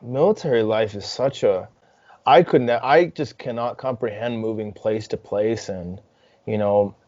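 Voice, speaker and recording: A man's voice: on the low side, dry recording. Laid-back swearing male podcast host. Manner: relaxed, swears freely, laughs often. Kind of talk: casual interview chat. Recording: dry dull lo-fi podcast audio.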